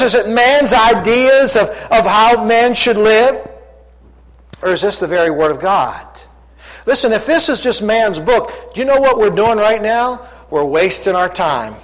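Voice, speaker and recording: Male preacher, high voice, emphatic sermon, rhetorical questions, echoing church sanctuary. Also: fairly bright tone. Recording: long hall reverb.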